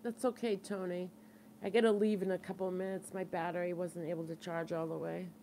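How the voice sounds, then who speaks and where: A woman's voice: lowish voice, little pitch movement, fairly quick, mellow. Brief: middle-aged woman, Boston accent, chatty livestream host, earnest and reassuring, a faint hiss behind her. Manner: chatty, reads out and answers viewer comments. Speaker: livestream support group host. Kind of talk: casual live-stream chat.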